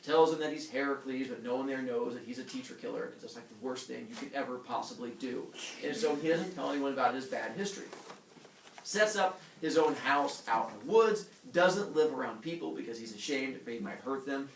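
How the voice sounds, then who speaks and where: A man telling a myth as a comic story, playful and animated, with his own sound effects. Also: medium pitch, brisk, gravelly, reverberant, recorded from a distance, a little hiss or hum, poor audio.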